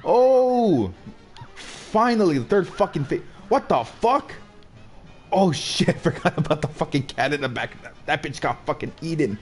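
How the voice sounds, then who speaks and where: A young man streaming a game, swearing a lot and joking excitably as he plays. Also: a little high, normal speed. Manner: profane, excitable, jokey. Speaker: gaming streamer. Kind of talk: live gameplay commentary. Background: faint game music.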